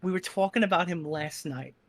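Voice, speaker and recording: A man's voice: high voice, a little fast, fairly bright tone. A man talking as a guest on a casual streamed chat, swearing freely and packing his incredulous stories with fillers. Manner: profane, incredulous, filler-heavy storytelling. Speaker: guest commentator.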